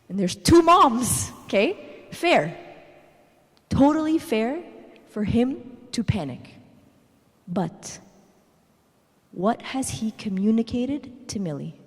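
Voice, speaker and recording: A woman in her thirties giving a parenting talk at a church, telling animated personal stories and tagging her points with "okay?". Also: high-pitched, a little slow, long pauses, breathy edge. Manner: animated storytelling, tags lines with "okay?". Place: church hall. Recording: reverberant church hall.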